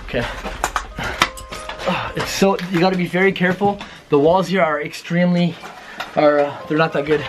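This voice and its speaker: A man's voice: fairly high pitch, normal speed, pauses often, music in the background. A young man hosting a nervous ghost-hunt vlog, repeating himself and talking straight to viewers from a run-down house. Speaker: vlogger host. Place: inside a run-down house basement.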